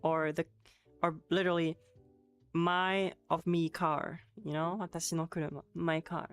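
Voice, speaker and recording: A woman's voice: fairly low pitch, level tone, slow, smooth. A woman streaming a casual Japanese lesson on a headset, answering chat with giggles and swearing. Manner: giggly, swears, chatty and loose. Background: faint music playing.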